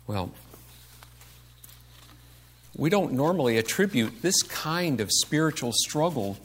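A man's voice: fairly high pitch, very animated, takes it slowly, fairly bright tone, slightly rough. Man preaching a conversational sermon. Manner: conversational preaching with rhetorical questions. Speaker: pastor.

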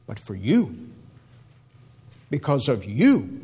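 A man preaching a sermon, building emotional appeals with repeated rhetorical questions and dropping to a low, hushed tone at times. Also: very animated, unhurried, pauses often, slightly rough. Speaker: pastor.

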